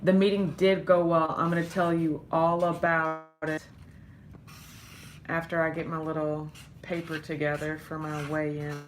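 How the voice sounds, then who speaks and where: A woman's voice: flat delivery, unhurried, a little hiss or hum. A young woman who has lost much of her voice, chatting casually and greeting viewers by name on a live stream. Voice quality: low, husky from strain. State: hoarse, losing her voice. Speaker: vlogger greeting live chat.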